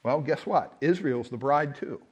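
A man's voice: a little high, measured pace, a little mellow, slightly rough. A man preaching a sermon with emphasis, asking the congregation rhetorical questions. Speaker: pastor.

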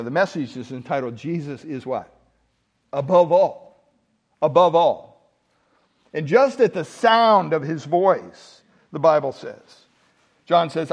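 Guy preaching a sermon, kinda high voice, pushes hard on words and throws questions at the crowd. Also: animated, a little slow, husky, dull audio. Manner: emphatic preaching, rhetorical questions to the congregation. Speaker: pastor.

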